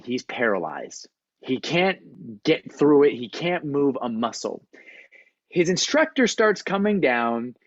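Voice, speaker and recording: A man who is a performance coach, giving a motivational talk on a video call in an animated storytelling manner. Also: medium pitch, dry recording, muffled recording. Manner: storytelling, animated, acts out quotes. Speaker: performance coach, guest speaker.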